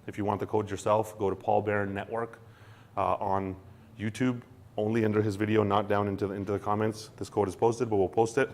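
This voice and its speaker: A man with a slightly low voice hosts a relaxed explainer. He talks in an animated, loose way, restarting his sentences often. Now and then he acts out quoted voices. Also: a little fast, a little hiss or hum. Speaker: co-host explaining crypto wallets. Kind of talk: casual explanatory chat.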